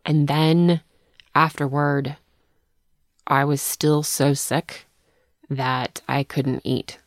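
A woman's voice: low-pitched, steady tone, very slow, dry recording, studio quality. A woman co-hosting a casual chat, telling rambling, self-deprecating stories. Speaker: podcast co-host.

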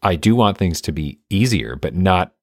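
A man with a remarkably low, deep voice, speaking slowly and thoughtfully in casual conversation. He pauses to search for words and sounds earnest. The recording is dry and close-miked. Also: big pitch swings, a little mellow, no room sound.

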